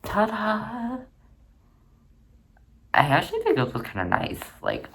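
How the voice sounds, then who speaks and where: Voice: mid-range voice, huge pitch swings, quick pace, vocal fry, a bit bright, a little hiss or hum. A crafting vlogger narrating their own paper project in a rambling, chatty, self-mocking way. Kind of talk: casual narrated crafting vlog.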